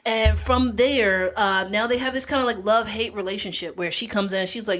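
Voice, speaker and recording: A woman's voice: medium pitch, brisk, a bit bright. A woman co-hosting a podcast, casually retelling history with slangy quoted voices and plenty of fillers. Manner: conversational, many fillers like "like" and "um". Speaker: podcast co-host. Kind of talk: casual storytelling chat.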